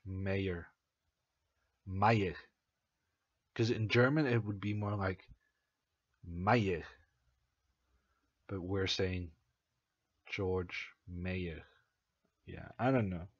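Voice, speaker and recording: With a fairly bright tone in a voice on the low side, a young native-Norwegian man from Norway commentates chess casually on a stream. He reasons aloud hesitantly, full of fillers like uh and um. The recording has no room sound and its highs are cut off.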